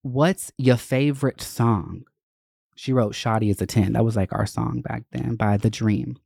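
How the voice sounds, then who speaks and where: Young male host, lowish voice, dry close sound, loose and foul-mouthed storytelling. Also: flat delivery, moderate pace, vocal fry, warm tone, breathy edge, no echo. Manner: candid and profane, with frequent fillers. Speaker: podcast host. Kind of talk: casual storytelling monologue.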